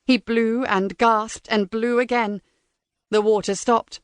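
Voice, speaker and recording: A woman narrating a crime thriller audiobook in a measured, tense way. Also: a little high, fairly even intonation, no room sound, studio quality. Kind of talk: scripted narration.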